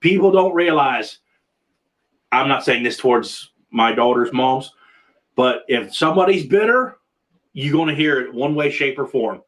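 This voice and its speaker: Male host, mid pitch, loose rambling chat over a video call. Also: lively intonation, a little slow, a bit bright. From Pennsylvania. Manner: rambling, repeats words and restarts often. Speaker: podcast host.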